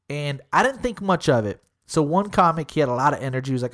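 A man's voice: mid-range voice, fast, hardly any pauses. A young man who hosts comedy shows, telling a story in casual chat, swearing a lot and acting out each person's lines. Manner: animated, acts out quoted dialogue with shifting voices; heavy swearing, slangy. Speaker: comedy show host.

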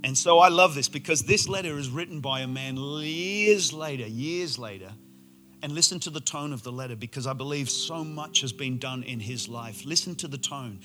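A man's voice: medium pitch, normal speed, a bit bright, faint music behind. A man preaching a sermon to a congregation, telling the story with enthusiasm and playful asides. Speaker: pastor. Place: church auditorium before a congregation.

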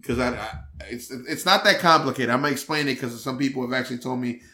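A man's voice: mid-range voice, fast, bright, forceful tone, echoey room. A man hosting a podcast, chatting casually, rambling and stumbling over restarts while he teases his guest. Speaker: podcast host.

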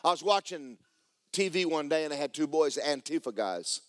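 A pastor preaching in church, his voice sitting fairly high for a man and swinging widely up and down. He hammers his points home with emphatic, homespun humor. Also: animated, moderate pace, dry recording. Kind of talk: sermon. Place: church sanctuary.

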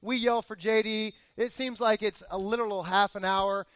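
A man in his forties preaching a sermon as pastor, telling a lively family story and acting out the cheers. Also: high-pitched, normal speed, clean tone, no room sound. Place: church.

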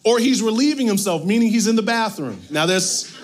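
A male pastor preaching a sermon, reading scripture and retelling it with animated, playful asides. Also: high-pitched, fairly quick.

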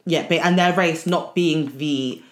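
Young woman, lowish voice, podcast co-host, casual chat, animated, laughs often. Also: measured pace.

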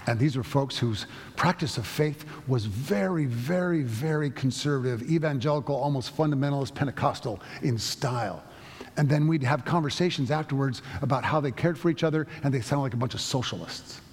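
A male pastor delivers a sermon in a loose, storytelling manner, often restarting his phrases. His voice is a bit husky. The sound carries the long reverb of a church sanctuary. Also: mid-range voice, fairly quick, darkish tone. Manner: storytelling, conversational with many restarts.

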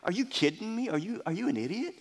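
A man's voice: high-pitched, lively intonation, measured pace, voice pushed up. A preacher voicing a man healed of blindness, sarcastically mocking his questioners. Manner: exasperated, sarcastic retorts. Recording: long hall reverb.

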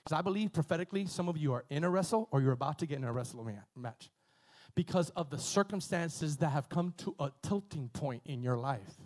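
A man preaching a sermon, retelling a story in a lively, conversational way, with many repetitions and asides to the congregation. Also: on the high side, brisk. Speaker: pastor.

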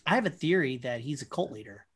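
A man's voice: mid-range voice, animated, fast talker. Rambling, profane man telling stories. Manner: rambling storytelling, acts out quotes, swears freely. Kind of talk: casual chat.

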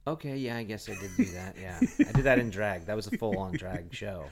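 A man in his forties, a guest in a casual reminiscing chat, telling lively stories and acting out what people said. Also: on the low side, a little fast, a crowd in the background. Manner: animated storyteller who acts out quotes.

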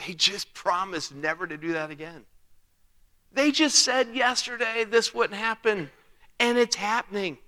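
A man's voice: high-pitched, measured pace, pushed and bright. A man preaching a sermon as pastor, talking conversationally, asking rhetorical questions and acting out quotes. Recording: long hall reverb.

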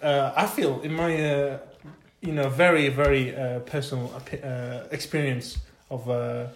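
A man's voice: mid-range voice, steady tone, moderate pace, a little hiss or hum. A young man with a northern English accent co-hosting a podcast. He talks hesitantly in casual chat and laughs a lot. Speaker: podcast co-host. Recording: roomy echo.

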